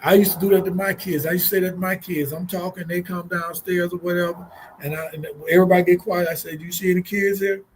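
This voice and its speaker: A man co-hosting a radio talk show, talking bluntly and profanely in animated, storytelling fashion. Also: sits high, fast talker, a little hiss or hum. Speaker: co-host.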